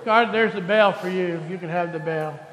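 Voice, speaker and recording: A man's voice: high-pitched, fairly quick, heavy background noise. A pastor talks playfully to children gathered at the front. His words ring through a large, echoey church sanctuary with a long reverb tail. He sounds a little distant from the mic. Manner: playful, coaxing talk to children. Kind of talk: children's sermon.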